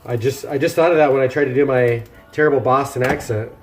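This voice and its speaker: This livestreamer, a man with a medium pitch and steady tone, talks quickly while making meal prep in his home kitchen, faint music behind him. He keeps up casual, self-deprecating chatter with his viewers as he works.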